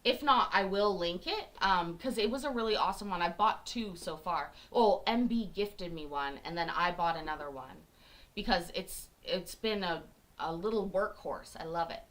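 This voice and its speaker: A woman's voice: on the low side, animated, normal speed, a bit bright. A woman from Canada chatting casually and joking with her live-stream viewers. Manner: chatty, joking, laughs often.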